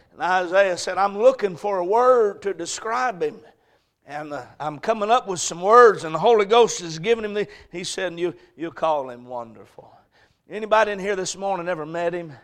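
A male pastor preaching a sermon, swinging between shouted emphasis and quiet storytelling. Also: high-pitched, animated, moderate pace. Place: church sanctuary.

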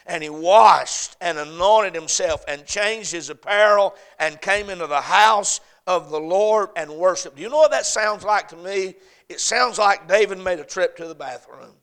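Male preacher, high and bright, smooth tone, builds to loud peaks and falls to a hush, repeats phrases. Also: normal speed. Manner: swings from loud emphatic peaks to soft, hushed lines. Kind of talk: sermon.

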